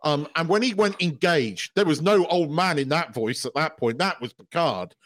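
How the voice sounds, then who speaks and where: A man's voice: fairly high pitch, moderate pace, a bit bright. A man co-hosting a podcast, gushing and swearing as an emotional fan in casual chat. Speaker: podcast co-host.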